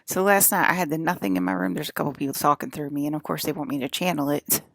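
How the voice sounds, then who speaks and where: A woman talking casually to her viewers in a loose, rambling monologue, with a drawl and pauses to cough. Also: sits low, creaky, no echo, studio quality. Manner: rambling, drawling, uses y'all and fixing to. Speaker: vlogger.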